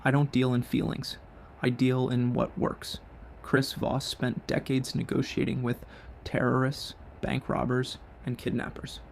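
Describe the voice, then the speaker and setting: A man's voice: mid-range voice, completely flat delivery, measured pace, vocal fry, slight background noise. A man hosting a show, delivering a scripted business monologue in blunt, punchy short sentences. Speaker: show host.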